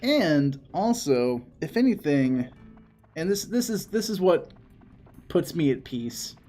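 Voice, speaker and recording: A man's voice: a little high, sing-song, slow pace, dark tone, faint music behind. A young man casually chatting while playing a video game as a co-host, laughing often and trailing off mid-thought. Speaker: let's play co-host. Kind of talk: casual gameplay commentary.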